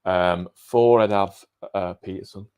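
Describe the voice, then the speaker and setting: Deep-voiced man chatting cricket. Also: a little slow, clean tone, no room sound, studio quality. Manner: relaxed, thinking aloud with frequent ums. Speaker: cricket podcast co-host. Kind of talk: casual live watchalong chat.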